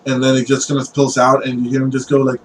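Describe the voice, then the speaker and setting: A man's voice: medium pitch, monotone, quick pace, slight background noise, rough recording. A man narrating as game master of a tabletop game, rambling with frequent fillers.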